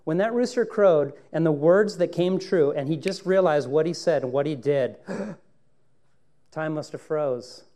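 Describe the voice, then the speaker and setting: A male pastor preaching a sermon with dramatic swings between hushed and raised lines, acting out dialogue from scripture. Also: a little high, a little slow.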